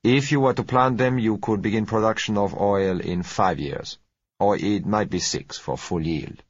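A man voicing a polite South American oil dealer in an audiobook, with a gentle, unhurried, courteous manner. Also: fairly low pitch, slightly rough, no echo, lo-fi sound, voice pushed up. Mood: smooth, courteous.

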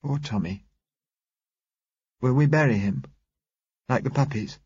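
A man's voice: medium pitch, unhurried, a little mellow, slightly rough, no room sound, highs cut off, voice pushed up. A man voicing a frightened little girl of about nine who pleads urgently and tearfully. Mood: sad.

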